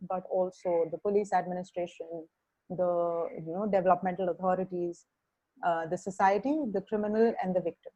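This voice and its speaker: Young Indian woman, mellow tone, halting webinar speaker on a call. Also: mid-range voice, poor audio. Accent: Indian English. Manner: halting, many fillers and restarts. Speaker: webinar speaker, criminal justice social worker. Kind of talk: webinar talk.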